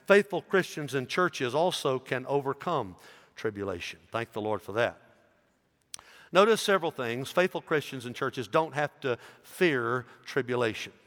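A male pastor preaching a sermon with fervor, building loud and high on his emphatic points and dropping low and quiet for asides. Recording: long hall reverb.

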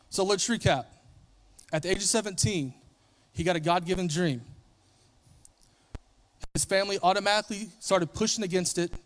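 A man preaching a sermon, retelling a story in a casual, conversational way and briefly acting out the characters. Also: high voice.

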